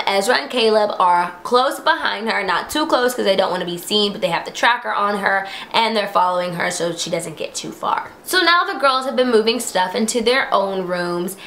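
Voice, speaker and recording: A woman's voice: pushed and bright, slight background noise. Chatty young woman recapping a show. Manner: chatty, acts out quotes in high voices. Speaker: vlogger recapping a TV episode. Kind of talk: casual chat.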